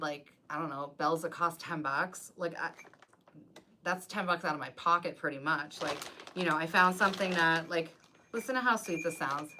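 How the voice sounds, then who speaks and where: A woman's voice: on the low side, noisy background. A woman who designs wreaths and coaches others, rambling in casual live-stream chat and filling her talk with "like.". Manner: rambling and chatty, full of "like".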